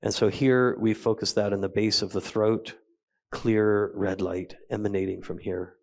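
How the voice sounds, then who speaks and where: A man with a fairly low voice leads a meditation practice at a retreat. He talks slowly and gently, leaving soft pauses between phrases. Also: level tone, vocal fry. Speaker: meditation teacher. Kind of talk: guided meditation talk. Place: retreat hall.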